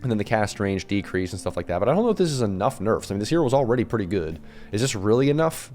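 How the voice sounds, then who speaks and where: A man's voice: on the low side, sing-song, racing, a little mellow, faint music behind. A young man with a strained voice giving an exasperated, ranting commentary on game balance changes, repeating himself as he complains.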